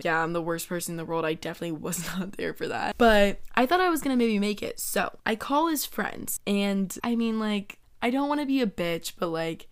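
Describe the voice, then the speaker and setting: A woman's voice: mid-range voice, smooth. A young woman hosting a podcast, telling a personal story in a chatty, casual way, full of "like" and swearing. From American South. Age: young adult. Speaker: podcast host.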